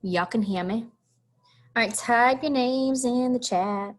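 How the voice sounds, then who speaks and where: A friendly woman teacher calls in to her online class. Her voice sits high, and she chats with her students in a loose, casual way. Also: slow pace. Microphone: headset microphone, then computer mic.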